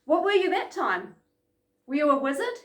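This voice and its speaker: A woman leading an energetic children's lesson, chanting and calling out game sounds. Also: high-pitched, moderate pace. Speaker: children's program instructor. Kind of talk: lively kids' lesson from home. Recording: echoey room.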